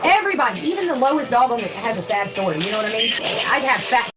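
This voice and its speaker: A woman's voice: a little high, lively intonation, fast, loud music behind the voice, poor audio. A middle-aged woman ranting to her viewers in a profane, boastful and threatening way. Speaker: drama livestreamer. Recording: faint background noise.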